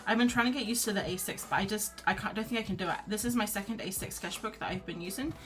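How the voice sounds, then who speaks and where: A woman's voice: mid-range voice, fast. A woman chatting casually on a live stream as she paints at home, reading out chat messages and cheering herself on. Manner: chatty, reads out chat, rambling and self-encouraging. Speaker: art streamer. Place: home, on a sofa wrapped in a blanket. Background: quiet background music.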